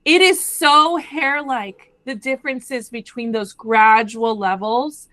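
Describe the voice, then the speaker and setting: A woman brand representative explaining a product in a lively conversational way, often checking in with the listener. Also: a little high, takes it slowly, no echo. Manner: animated, addresses listeners directly with frequent "okay?".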